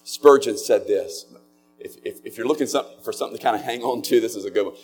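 A man preaching a sermon as a pastor, earnest and slowing down on key words. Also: medium pitch, darkish tone, soft background music.

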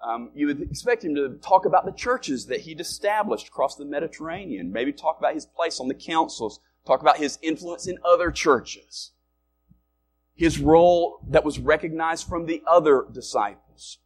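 A male pastor preaching a sermon in a conversational way, rising loud and dropping quiet to make his points. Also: a little high, animated, moderate pace, slight background noise. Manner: conversational preaching with wide swings in loudness.

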